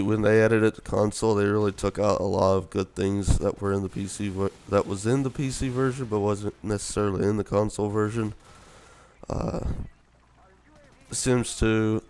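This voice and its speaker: A man's voice: on the low side, fairly even intonation, moderate pace, a little mellow, clean tone. Laid-back young man rambling over gameplay. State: sleepy, just woke up. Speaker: gaming video commentator. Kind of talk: casual commentary over gameplay.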